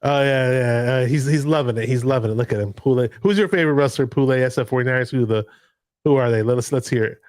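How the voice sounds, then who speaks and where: A man's voice: mid-range voice, fast talker, darkish tone, no room sound. A man hosting a casual late-night livestream, rambling and jumping from story to story. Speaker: livestream host. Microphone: home streaming mic.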